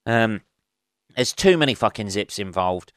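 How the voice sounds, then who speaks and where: A man's voice: lowish voice, expressive, a little slow, a bit bright, clear, resonant tone, dry recording, clean studio sound. A man in his forties hosting a podcast, rambling through a sweary, ranting solo monologue. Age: 40s. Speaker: podcast host.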